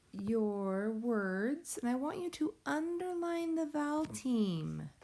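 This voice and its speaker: A woman teacher giving a recorded phonics lesson to young children, explaining slowly and patiently in a sing-song way. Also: fairly high pitch, warm tone, slight background noise. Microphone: tablet or device mic.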